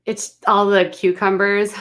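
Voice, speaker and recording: A woman's voice: medium pitch, flat delivery, slow, fairly bright tone. A woman giving casual, snarky, exasperated commentary on a livestream.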